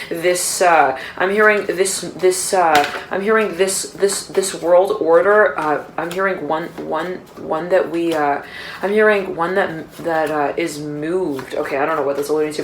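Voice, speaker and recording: A woman's voice: fairly low pitch, slight background noise, low-quality recording. A woman giving an intuitive tarot reading for a zodiac sign. She rambles and repeats herself, keeps saying she is hearing things, and uses a lot of fillers and laughs. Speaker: tarot card reader.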